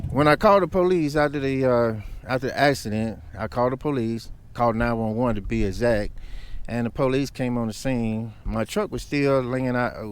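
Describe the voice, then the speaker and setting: A man's voice: mid-range voice, clean tone. A man vlogging, telling a story in a heated, emphatic rant.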